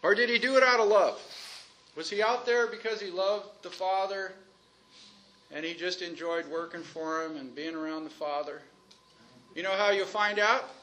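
Male preacher, high-pitched, talks to the congregation like a conversation and draws out key lines slowly. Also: pushed and bright, a little hiss or hum. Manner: conversational, asks the congregation questions; stretches out key phrases slowly for emphasis. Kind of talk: sermon.

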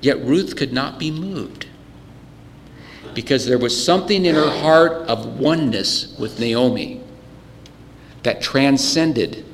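Guy preaching a sermon, earnest and emphatic, keeps clearing his throat, big reverby hall. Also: mid-range voice, lively intonation, takes it slowly, pauses often, a little hiss or hum. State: voice getting choked up. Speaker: pastor.

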